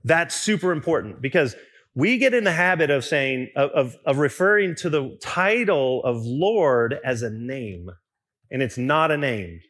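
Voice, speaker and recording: A young pastor delivers a sermon in a relaxed, conversational manner, restarting sentences and tossing asides to the congregation. His pitch is medium and his pace unhurried.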